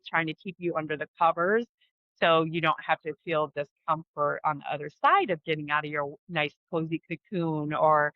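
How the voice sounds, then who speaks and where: A middle-aged woman hosts her own vlog, reflecting in a casual, frank way and swearing freely and often. Her voice is deep and moderately paced, the recording has no room sound, and the high frequencies are cut off.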